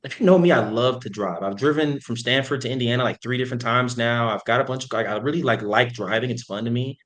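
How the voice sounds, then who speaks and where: A young man who used to play football tells stories in a casual, chatty interview. His mid-range voice moves fast, animated and packed with fillers like "like."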